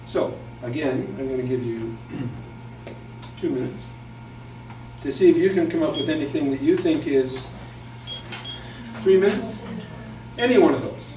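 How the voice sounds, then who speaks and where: A man's voice: fairly high pitch, lively intonation, unhurried, pauses often. A middle-aged man, a teacher, giving an upbeat, jokey presentation to a room of teachers. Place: room with an audience. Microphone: distant room mic. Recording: echoey room from far off with background noise and hum.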